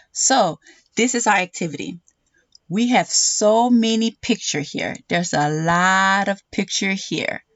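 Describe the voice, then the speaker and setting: Woman, children's phonics teacher, very slow, exaggerated sounding-out, dull lo-fi audio. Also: lowish voice, dry recording.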